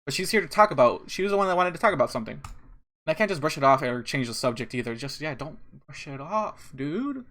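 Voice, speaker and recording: A young man playing a visual novel, reading the text aloud and breaking off into animated, exasperated commentary with repeated phrases and laughs. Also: fairly high pitch, fast talker. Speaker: let's play streamer.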